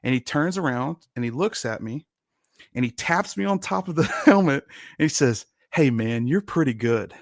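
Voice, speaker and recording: A man in his thirties co-hosting a sports podcast, telling football stories in a casual, animated way and laughing often. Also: a little high, normal speed, creaky, dry recording, clean studio sound. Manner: animated storyteller, shouts quoted lines, laughs often. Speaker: podcast co-host, former lineman. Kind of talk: casual storytelling chat.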